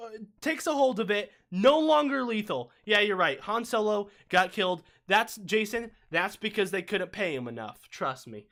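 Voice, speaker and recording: A man co-hosting a casual livestream discussion, talking in an animated, ranting way with quick asides. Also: high-pitched, vocal fry. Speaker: watch-party co-host.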